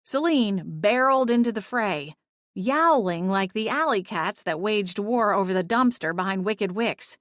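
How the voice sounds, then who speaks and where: A woman narrating a story in the first person, expressive and lively, reading from a script. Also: medium pitch, unhurried, no room sound, studio quality. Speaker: audiobook narrator.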